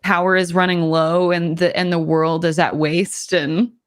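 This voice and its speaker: A woman's voice: fairly low pitch, flat delivery, a little slow, clean tone. A woman chatting casually as a guest player, bubbly and rambling and laughing often. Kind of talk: casual chat.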